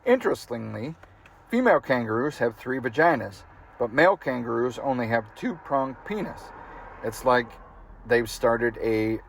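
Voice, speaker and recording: Guy reading a funny memoir out loud, easygoing, mid-pitched, chuckles at the text sometimes. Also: gravelly, no echo. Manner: casual, amused reading that breaks into laughter. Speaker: audiobook reader.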